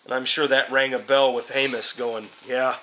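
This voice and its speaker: Bright-voiced, emphatic male Bible teacher. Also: medium pitch, little pitch movement, moderate pace, a little hiss or hum. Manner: emphatic, repeats words while building points; addresses students informally as guys. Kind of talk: Bible class lecture.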